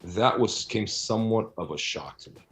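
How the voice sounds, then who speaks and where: Deep-voiced blunt man, argumentative. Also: expressive, moderate pace, a bit bright. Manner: blunt, argumentative, rhetorical asides; frequent "right?" and "you know" tags. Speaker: author interviewed about his book. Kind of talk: interview answers.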